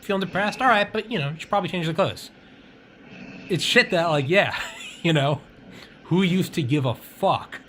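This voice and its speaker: A man's voice: high-pitched, animated, normal speed, pauses often, pushed and bright, slight background noise. A man rambling in casual chat, swearing freely and leaning on "like" and "you know.".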